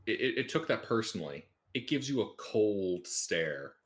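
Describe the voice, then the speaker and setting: A man's voice: on the low side, big pitch swings, normal speed. A man narrating as game master in a tabletop game, cracking puns and laughing at his own jokes.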